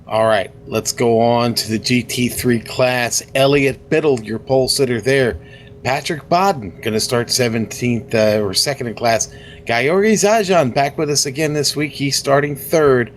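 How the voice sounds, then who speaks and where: A man's voice: mid-range voice, lively intonation, measured pace, a little hiss or hum. A man co-commentating a sim race who also drives in it, talking in a casual, friendly way as he reads the grid. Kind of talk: sim racing broadcast commentary.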